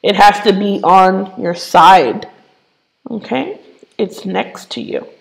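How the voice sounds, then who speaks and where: Woman, kids' English teacher, unhurried delivery with a gravelly edge, patient and playful. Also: medium pitch, poor audio. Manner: slow, patient explaining with playful asides. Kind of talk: online lesson for kids.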